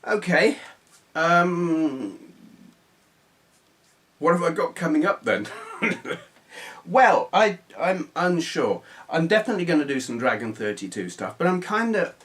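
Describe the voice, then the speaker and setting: A man's voice: a little high, fairly bright tone. Guy, retro gaming vlogger, casual rambling chat with lots of restarts and self-deprecating asides. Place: small hot room under bright video lights.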